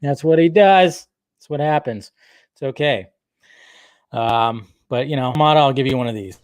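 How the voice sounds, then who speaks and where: A man's voice: medium pitch, normal speed. A man hosting a livestream and wrapping it up with rambling, crude jokes and a casual sign-off. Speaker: livestream host.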